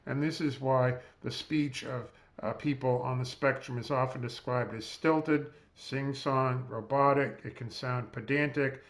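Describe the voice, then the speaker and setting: A man, a physician, giving a measured, explanatory lecture over slides while seated at a close mic. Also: medium pitch, steady tone. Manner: measured, explanatory, spells out terms.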